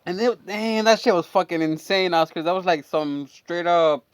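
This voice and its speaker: A man's voice: sits high, normal speed, smooth, dry recording. A man telling a long, rambling, profane story from his neighborhood in a casual chat, full of fillers. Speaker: storyteller and channel host.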